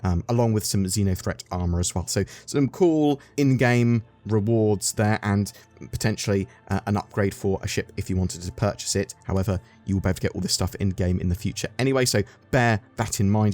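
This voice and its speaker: A man's voice: lowish voice, fairly quick, darkish tone. An English man hosting a casual game update video, chatty and upbeat, asking viewers questions with the odd um. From England. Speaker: gaming news YouTuber.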